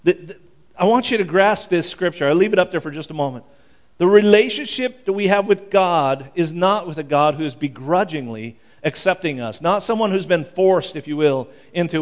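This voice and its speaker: A male pastor giving a sermon in a church, talking in an animated, conversational way, fervent and full of restarts. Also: on the high side, fairly quick.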